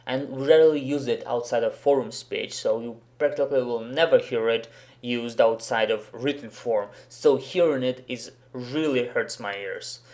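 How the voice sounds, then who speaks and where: A man's voice: medium pitch, moderate pace, darkish tone. A man hosting a commentary video, giving a blunt, sarcastic and profane critique. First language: Russian. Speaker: host, professional interpreter.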